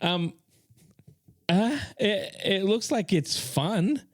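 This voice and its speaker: A man's voice: high-pitched, expressive, drawn-out words, no room sound. Joking male podcast host, dry close mic. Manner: playful, puts on comic voices in quoted bits. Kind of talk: casual chat.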